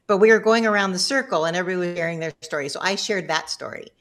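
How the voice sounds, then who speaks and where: A woman's voice: lowish voice, fast talker, fairly bright tone. A middle-aged woman telling a personal story as a guest in casual conversation, chatty and self-deprecating, laughing often.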